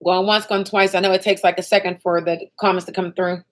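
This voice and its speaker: A woman's voice: fairly low pitch, little pitch movement, fairly quick. A woman running a live training session for sales agents, upbeat and motivational, often checking in with "okay?" and "right?".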